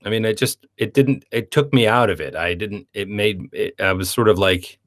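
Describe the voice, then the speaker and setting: A man with a somewhat low voice co-hosts a casual film chat. He talks loosely and animatedly, now and then slipping into playful voices to act out lines. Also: normal speed, few pauses. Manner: animated, acts out quoted dialogue in playful voices. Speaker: podcast co-host.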